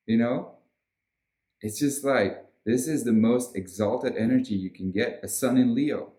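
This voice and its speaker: A man's voice: medium pitch, a little mellow. A man giving a casual weekly astrology forecast in an emphatic, rousing way with frequent swearing. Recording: roomy echo.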